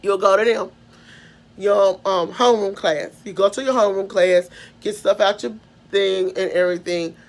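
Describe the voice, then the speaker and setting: A vlogger from Mississippi with a Southern American accent tells a personal story at a moderate pace, her mid-range voice steady. She rambles, restarts often, and trails off with "da, da, da" fillers.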